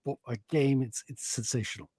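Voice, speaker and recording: A man's voice: medium pitch, fairly quick, mellow, husky, no room sound. A man co-hosting a casual live-streamed chat, eager and full of effusive praise. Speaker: co-host.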